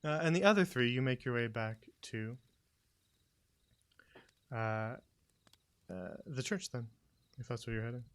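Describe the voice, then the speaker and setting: A man running a tabletop game, narrating in a relaxed way with many fillers. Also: medium pitch, a little slow, long pauses. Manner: relaxed, filler-heavy, chuckling. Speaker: game master.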